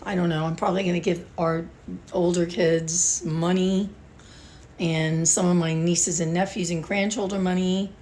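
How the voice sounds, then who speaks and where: A woman's voice: on the low side, little pitch movement, moderate pace, darkish tone, a little hiss or hum. An older woman talking casually and emotionally to her viewers, rambling with sighs and restarts. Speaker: beauty vlogger. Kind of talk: casual talk to camera.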